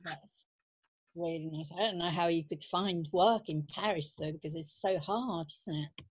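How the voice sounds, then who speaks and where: A woman's voice: lowish voice, unhurried, slightly rough, no room sound. A woman chatting on a podcast, asking lots of questions in a teasing, slightly hesitant way. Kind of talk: casual chat.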